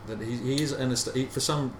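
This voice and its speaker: A man muses reflectively through a casual podcast chat, pausing and restarting as he thinks. His voice is mid-pitched and unremarkable. The sound is roomy, with a faint hiss behind it. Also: fairly even intonation. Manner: reflective, musing, halting restarts. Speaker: podcast co-host. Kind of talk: casual discussion.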